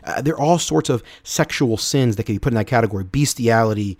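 Man, podcast host, earnest unscripted teaching, mid-pitched voice, dry close sound. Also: fast, darkish tone, dry recording. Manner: earnest, restarts and repeats words often. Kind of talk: unscripted Bible teaching talk.

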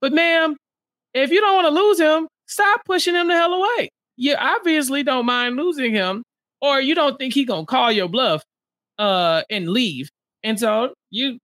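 A co-host in a casual TV recap chat, blunt and exasperated, dropping low for emphasis. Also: normal speed, fairly bright tone, no room sound, studio quality. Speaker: podcast co-host.

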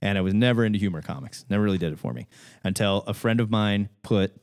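A man's voice: fairly low pitch, quick pace, vocal fry, smooth. A man hosting a casual comics call-in podcast, telling stories with lots of laughter. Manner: animated storyteller, laughs a lot. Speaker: podcast host. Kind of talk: casual chat.

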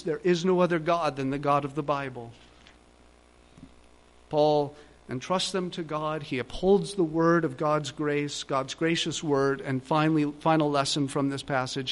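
A middle-aged male pastor giving a sermon, earnest and pleading, building to emphatic repeated phrases. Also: on the high side.

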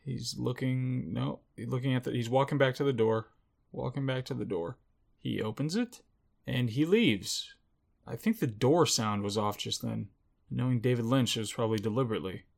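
A man's voice: medium pitch, normal speed, creaky. A young man giving jittery live commentary as he watches and reacts to a film, muttering one moment and exclaiming the next.

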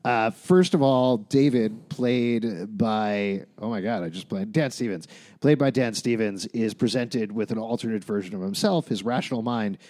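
A man hosting a podcast in casual chat, animated and quick to laugh, jumping between topics. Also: fairly low pitch. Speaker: podcast host.

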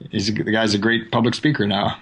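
A man's voice: fairly low pitch, flat delivery, fairly bright tone, breathy edge. A man hosting a podcast, chatting casually and telling long stories, stretching out his words at times. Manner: storytelling, chatty, drawn-out words. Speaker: podcast host. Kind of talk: casual chat.

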